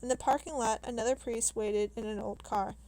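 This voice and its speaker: A woman with a fairly high voice reads a novel aloud. Her narration is steady and measured, and she sometimes stops and restarts a word. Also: poor audio. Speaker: reader.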